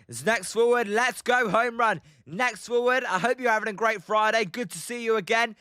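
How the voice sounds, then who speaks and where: British man, high bright voice, excitable streaming play-by-play, dry close sound. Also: moderate pace, hardly any pauses, smooth, dry recording. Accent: British English. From Britain. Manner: chatty, excitable, greets viewers and reads chat mid-call. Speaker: streamer and commentator. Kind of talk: live watch-along play-by-play commentary.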